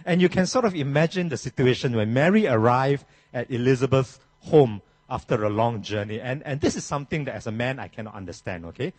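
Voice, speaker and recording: A man preaching a sermon as pastor, emphatic and animated, with frequent restarts. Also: mid-range voice, brisk, hardly any pauses, no echo.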